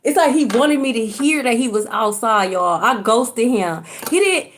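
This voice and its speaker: A woman's voice: a little high, moderate pace. A woman giving a casual livestream spiritual reading, chatty and colloquial, often checking in with "okay?" and cursing casually. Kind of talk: casual livestream talk to viewers. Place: at home, indoors.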